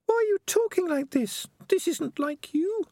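A man doing a high, anxious young female rat. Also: animated, normal speed, dry recording. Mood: pleading. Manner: soft pleading falsetto.

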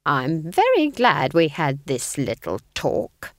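A woman's voice: fairly low pitch, big pitch swings, takes it slowly, no room sound. Woman doing a sneery old witch, swoops way up and down, dry close sound. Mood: menacing. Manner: defensive, sneering, breaks into shrieks. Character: earthy, bawdy old female witch.

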